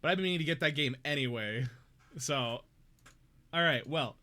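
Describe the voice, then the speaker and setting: A man's voice: fairly high pitch, moderate pace, sharp tone. A young man chatting casually on a live stream from his home, giggly and rambling. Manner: giggly, rambling, self-deprecating. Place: home room.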